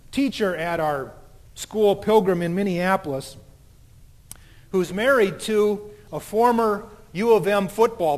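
A man preaching a sermon as a pastor, telling stories in a conversational way. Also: high voice. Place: church sanctuary. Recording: long church reverb.

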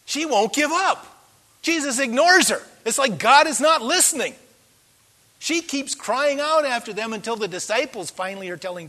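A man preaching a sermon as pastor, telling the story with animated delivery and acting out the voices in it. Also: extremely high pitch, normal speed. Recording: long hall reverb.

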